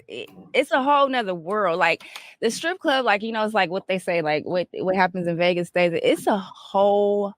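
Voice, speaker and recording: A woman's voice: medium pitch, no room sound. A woman and former exotic dancer who frankly steers a casual chat and draws out her points. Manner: frank, drawn-out, sets up topics.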